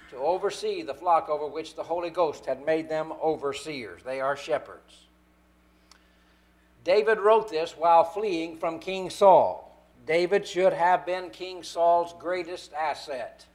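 A man preaching a sermon, stressing key words slowly. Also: on the high side.

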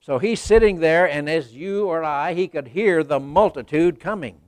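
A male preacher giving a sermon in a folksy storytelling way, talking right to the congregation and rising to loud emphasis. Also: a little high, moderate pace, no room sound.

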